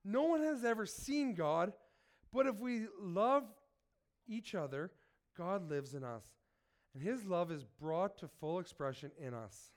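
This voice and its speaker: A man's voice: high voice, animated, a little slow. A man who is sick, reading scripture and preaching, earnest and asking his listeners direct questions. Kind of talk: sermon with Bible reading.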